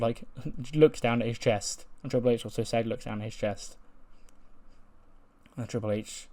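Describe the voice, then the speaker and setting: A man's voice: mid-range voice, steady tone, moderate pace, long pauses, mellow. Chatty man recapping a game. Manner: chatty, laughing, recounts events. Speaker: game channel host. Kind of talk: casual game commentary.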